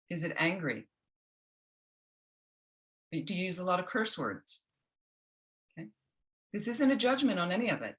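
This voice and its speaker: A woman teaching a self-compassion workshop, gentle and instructional, often checking in with the group. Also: lowish voice. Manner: gentle, keeps checking in with "okay?".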